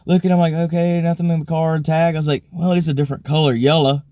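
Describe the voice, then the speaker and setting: Speaking fast in a warm, level voice on the high side, a vlogger from Alabama gives a casual account of his faith. He's an adult with a wife and kids, and he rambles earnestly with lots of "you know." There is no room sound.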